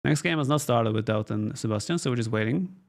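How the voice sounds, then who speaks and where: Gravelly-voiced man casting a game stream. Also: medium pitch, fast talker. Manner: relaxed, thinks aloud, reads chat questions aloud. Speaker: esports caster and streamer. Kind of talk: casual live-stream game commentary. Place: home office.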